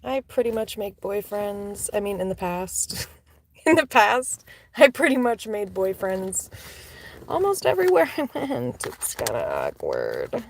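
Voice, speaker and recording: A woman telling casual storytime anecdotes, chatty and full of "like" fillers, laughing and swearing, sometimes dropping to soft whispery asides. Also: mid-range voice, huge pitch swings, a little slow, vocal fry, slight background noise.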